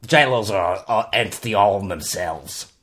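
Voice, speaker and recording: A man plays a rambling wrangler of mythical creatures. His voice sits a little low, and he stumbles through fillers and halting restarts. He drops "mate" and "oi" through an improvised comedy interview. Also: fairly bright tone, slightly rough.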